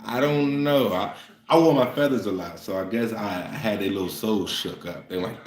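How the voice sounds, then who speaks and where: A man's voice: on the low side, moderate pace. A man in a casual monologue, ranting in a profane, fired-up way. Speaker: vlogger. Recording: roomy echo.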